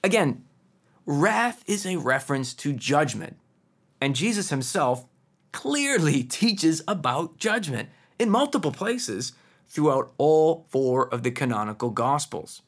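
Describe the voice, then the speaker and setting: A man's voice: fairly high pitch, sing-song, unhurried. A man preaching a sermon, earnest and emphatic, with pointed rhetorical questions.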